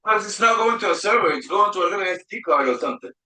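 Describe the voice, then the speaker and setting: A man working as a driver, confronting officers, challenging them with heated questions and sometimes shouting. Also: high-pitched, lively intonation, very fast, roomy sound, low-quality recording.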